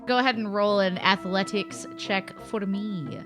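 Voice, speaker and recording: A woman narrating as game master in a lively, playful way. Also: mid-range voice, measured pace, music in the background.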